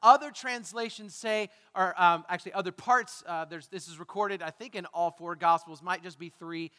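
In a church sanctuary, a male pastor delivers a conversational sermon, putting questions to the congregation and poking fun at himself. His voice sits high with a sharp tone at a normal speed, and the sound is that of a big room.

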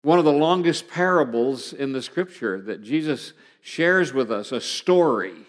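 A middle-aged pastor from Oklahoma, USA, preaches a sermon in a medium-pitched, expressive voice at a slightly slow pace. He tells a personal story earnestly, building to emphatic passages, with long hall reverb on the recording.

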